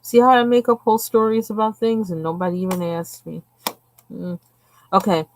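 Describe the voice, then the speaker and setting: A woman's voice: medium pitch, flat delivery, moderate pace, slight background noise. A woman hosting a live stream, chatting casually and rambling from one tangent to the next while she colors. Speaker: livestream host.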